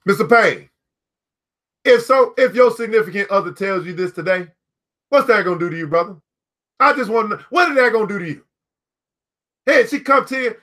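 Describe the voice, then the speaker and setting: A man's voice: high voice, animated, brisk, pauses often, fairly bright tone. A man hosting a book club, reading aloud to a live audience and riffing on it with emphatic, playful repetition. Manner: emphatic and playful, repeating key phrases.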